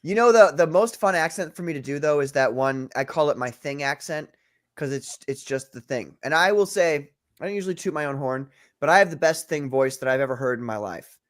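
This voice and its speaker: A man's voice: a little high, animated, brisk. A young man, an interview guest, chatting casually in a rambling, loose way. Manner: rambling, restarts, swearing. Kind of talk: casual chat.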